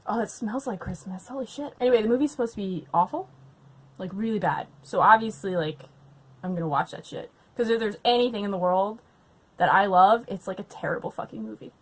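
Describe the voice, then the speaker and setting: A young woman at home, tipsy on wine, chatting casually to camera and ranting with lots of swearing and loud outbursts. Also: mid-range voice, brisk, breathy edge. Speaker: book vlogger. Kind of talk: casual drunk reading vlog.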